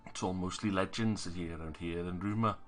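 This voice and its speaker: A man's voice: low voice, fairly quick, soft background music. A man running a tabletop game as game master, narrating with theatrical flair. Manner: theatrical, animated storytelling.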